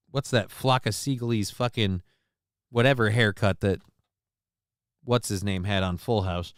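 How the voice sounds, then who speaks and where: A man's voice: on the high side, fairly bright tone, clean tone, no echo, studio quality. A man hosting a livestream, chatting casually and reading out viewer comments in a rambling, profane, joking way. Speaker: livestream show host.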